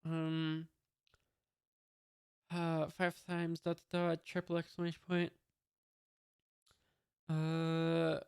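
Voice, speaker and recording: Flat, slow, halting comic reader. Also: mid-range voice, clean tone, no echo. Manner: halting, many fillers, reads sound effects and punctuation aloud; dry offhand asides. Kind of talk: casual read-aloud of a comic.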